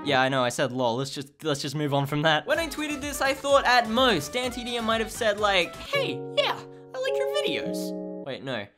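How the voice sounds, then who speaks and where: A late-teen guy tells a comedic story with a bouncy, wide-swinging voice, leaping from mock-dramatic outbursts to muttered sarcastic asides. His pitch rises and falls a lot as he jokes. Background music plays under his voice the whole time. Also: brisk, hardly any pauses. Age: late teens. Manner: animated, sarcastic, jumps between mock-dramatic shouts and low mumbled asides. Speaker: animator and YouTuber.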